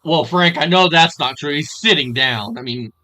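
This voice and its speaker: A man's voice: a little high, moderate pace, bright, forceful tone. A man giving crude, mocking reaction commentary on a stream, often breaking into laughter. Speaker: stream reviewer.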